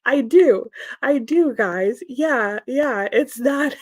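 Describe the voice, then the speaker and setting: A woman's voice: sits high, expressive, takes it slowly, darkish tone, no room sound. A woman hosting a livestream in casual chat, reading out viewer comments, still sleepy, giggling and stumbling over her words. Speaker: livestream host.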